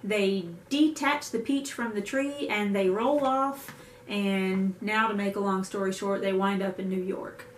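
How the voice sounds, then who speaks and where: A woman's voice: medium pitch, fairly even intonation, unhurried. Young woman, book vlogger, casual chat, self-mocking, echoey room, slight hiss. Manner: chatty, self-mocking asides.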